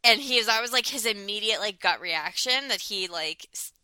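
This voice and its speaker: Bright, chatty woman in her thirties. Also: mid-range voice, lively intonation, normal speed, smooth, no echo. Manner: chatty, many "like" fillers and restarts. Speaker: podcast co-host. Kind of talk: casual chat reviewing a dating show.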